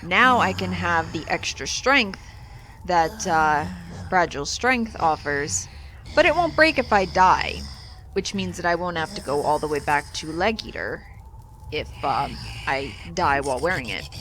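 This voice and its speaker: A woman's voice: sits low, animated, unhurried, a bit bright, a little hiss or hum. A woman hosting a let's play, chatting casually and animatedly through the game with exasperated jokes. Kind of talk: casual gameplay commentary.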